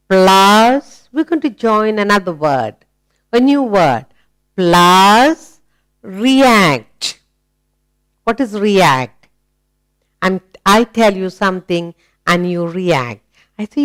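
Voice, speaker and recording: A woman with an Indian English accent teaching phonics to children, drawing out key words slowly and asking many questions. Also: medium pitch. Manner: slow and deliberate, drawing out key words, asks frequent questions. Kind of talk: slow, animated teaching to children.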